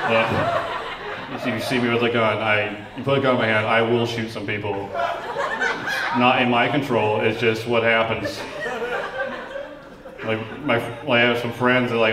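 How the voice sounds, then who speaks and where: A man doing a stand-up comedy set, delivering deadpan jokes that break into sudden loud outbursts. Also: lowish voice, background noise. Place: comedy club stage. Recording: roomy club sound from a distance, crowd laughing. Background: audience laughter.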